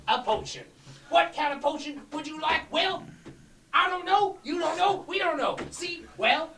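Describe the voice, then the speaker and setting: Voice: sits high, bright, forceful tone, voice pushed up, full character voice. A player voicing a rambling male catfish-like potion peddler in a tabletop game, with frantic huckster patter. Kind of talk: tabletop role-play. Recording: roomy, distant mic.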